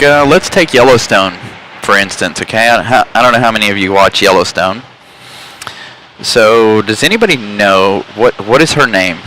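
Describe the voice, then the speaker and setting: Southern man streamer, bright lowish voice, faint traffic behind, laughs a lot while reading chat. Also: low-quality recording. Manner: jokey, laughs often, self-mocking. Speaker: live-stream host plane spotting. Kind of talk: casual live-stream chat reading comments. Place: outdoors on top of a parking garage.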